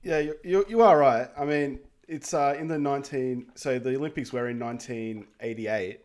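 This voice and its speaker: A man's voice: medium pitch, moderate pace, a little mellow. A man co-hosting a podcast, summing up a film's plot in an easygoing way, with many ums and light laughs. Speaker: podcast co-host. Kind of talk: casual movie recap chat.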